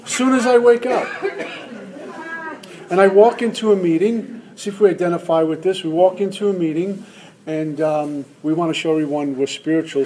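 A man's voice: fairly high pitch, fairly even intonation, moderate pace, a crowd in the background, poor audio. A man speaking at a recovery meeting to a live audience, humorous and acting out the voices in his head. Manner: humorous, acts out inner voices. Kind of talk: personal talk to a live audience.

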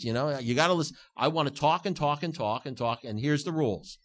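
A man's voice: fairly high pitch, racing, hardly any pauses, fairly bright tone. A man telling stories to a recovery group in an emphatic, repetitive, self-mocking way. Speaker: recovery meeting speaker. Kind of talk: storytelling talk to a group.

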